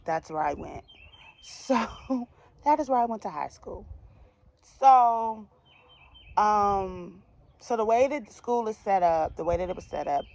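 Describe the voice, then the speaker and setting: A woman's voice: lowish voice, creaky, darkish tone, slight background noise. A young woman from the DMV area telling a personal storytime to her viewers in a chatty, slangy way with laughing asides. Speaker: vlogger. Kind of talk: casual storytime.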